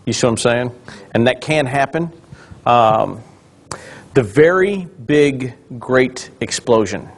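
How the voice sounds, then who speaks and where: A man, a pastor, teaching a Bible study in a relaxed conversational way, explaining and quizzing the class with questions. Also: mid-range voice, slow pace.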